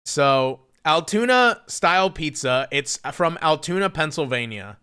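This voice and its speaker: A man's voice: on the high side, lively intonation, a little slow, pushed and bright, clean tone. A young man streaming live, ranting in a profane, mocking, incredulous way. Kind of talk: casual livestream rant.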